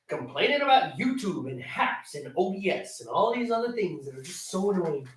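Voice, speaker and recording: A man's voice: sits high, big pitch swings, moderate pace, hardly any pauses, distant mic, slight background noise. Grumbling man in an echoey garage. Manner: grumbling, sarcastic, talking to himself. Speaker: home brewer, channel host. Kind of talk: casual vlog chat. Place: cold garage.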